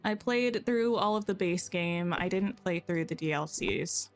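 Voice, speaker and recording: A woman's voice: fairly low pitch, unhurried, soft background music. Chatty woman streamer thinking aloud. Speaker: game streamer. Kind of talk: casual livestream chat while playing.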